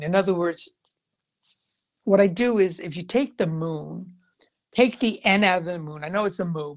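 A woman shares her thoughts on tarot and moods in a loose, conversational way. Her voice sits a little on the low side, and she circles back on her points with plenty of casual fillers. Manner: chatty and rambling, frequent "you know" fillers. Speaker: tarot reader. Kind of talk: casual spiritual talk to viewers.

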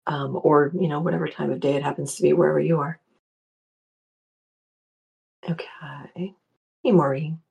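Gravelly low-voiced woman hosting a live show. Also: fairly even intonation, fast, darkish tone. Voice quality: gravelly morning voice. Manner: chatty, greets listeners by name. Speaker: radio show host and spiritual psychology practitioner. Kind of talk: casual live-show chat reading listener comments.

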